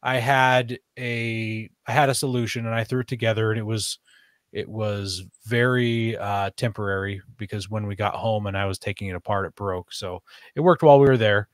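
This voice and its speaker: A man's voice: on the low side, fairly even intonation, normal speed, no room sound, studio quality. A man chatting casually on a podcast, rambling with fillers and restarts. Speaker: podcast host. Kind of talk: casual chat.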